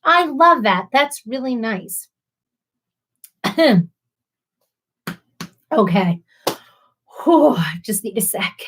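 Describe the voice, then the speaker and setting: Woman, high voice, giggly, tipsy, casual livestream host. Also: expressive, extremely slow, pauses often, fairly bright tone. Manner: giggly, laughs often, reads out comments. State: tipsy from wine. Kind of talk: casual live chat with viewers.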